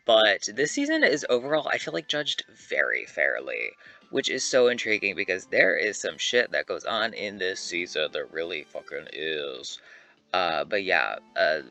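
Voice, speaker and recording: Young man, low gravelly voice, bright forceful tone, animated casual vlog chat, swears a lot, faint music underneath. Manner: animated, chatty, swears freely, lots of fillers. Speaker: YouTuber ranking reality-show contestants. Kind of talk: casual commentary to camera.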